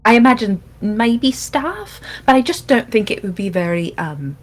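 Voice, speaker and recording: Gushing, animated woman player. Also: fairly high pitch, measured pace. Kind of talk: in-character role-play.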